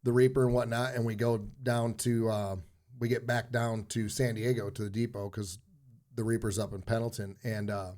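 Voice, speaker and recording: A man tells an anecdote in a relaxed, rambling way, full of ums and restarts. His voice sits at a middling pitch. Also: normal speed. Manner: rambling, filler-heavy anecdote telling. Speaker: podcast guest, former Marine. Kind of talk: casual storytelling.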